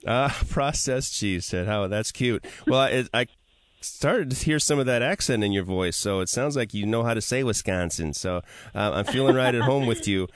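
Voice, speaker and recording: A man's voice: mid-range voice, lively intonation, normal speed, no room sound. A man hosting a casual radio talk show from a studio, upbeat and chatty, laughing easily. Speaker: radio host.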